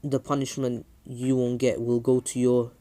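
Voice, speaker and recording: A haughty older king who presses his demands in a low, quiet voice, as a man puts him on. He sounds entitled and used to being obeyed. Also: flat delivery, normal speed, natural voice. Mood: demanding.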